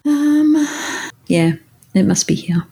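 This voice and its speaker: A woman's voice: sits high, lively intonation, takes it slowly, vocal fry, dark tone, slight background noise. A woman co-hosting a podcast in casual chat, rambling into asides and laughing often. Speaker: podcast co-host.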